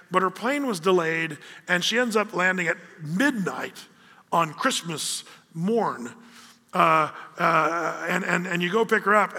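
A man preaching a sermon as pastor, with a lively storytelling manner, acting out the voices of the people. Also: sits high, creaky, big-room sound.

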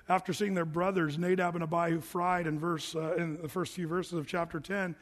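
Male preacher, high voice, casual teaching sermon, reverberant hall. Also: moderate pace. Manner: reads scripture aloud, then explains it in a casual, animated way. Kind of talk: evening Bible study sermon.

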